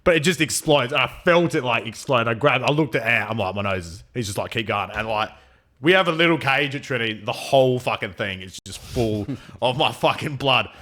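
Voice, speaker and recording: A young man talks with a blocked, nasal sound and a bright, forceful edge. He is a fighter guesting on a casual podcast, and he tells his stories in a swear-heavy, rambling way. His pitch sits in the middle range. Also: a little fast. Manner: profane, rambling storytelling.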